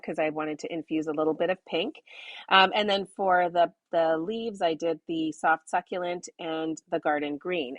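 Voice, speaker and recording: A woman's voice: lowish voice, no echo. A woman hosting a live card-making demonstration, chatting upbeat and laughing often as she works. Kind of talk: live crafting demo.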